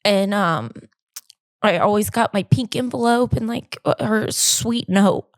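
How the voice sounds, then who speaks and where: Her voice sits in the middle range and she talks a little slowly, captured in a dry, clean studio recording. The woman, a podcast co-host hosting alone, gives a casual, meandering, self-deprecating personal monologue, openly honest and trying not to get choked up.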